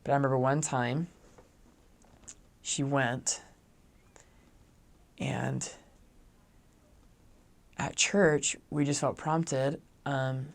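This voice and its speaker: A man's voice: mid-range voice, drawn-out words, gravelly, long pauses. A young adult man, a returned missionary, telling a story in a casual, chatty way and saying "like" a lot. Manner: chatty, heavy use of "like", animated.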